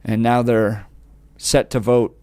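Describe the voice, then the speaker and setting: A man's voice: medium pitch, level tone, takes it slowly, dark tone, clean tone, no room sound. A man hosting a conservative talk radio show, reading news and mocking his opponents sarcastically.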